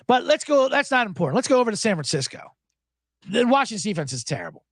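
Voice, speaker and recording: A man's voice: high voice, very animated, fast, a bit bright, breathy edge, no echo. A man hosting a sports betting podcast alone, talking casually in a sarcastic, profane way and laughing often. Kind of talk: casual solo podcast talk.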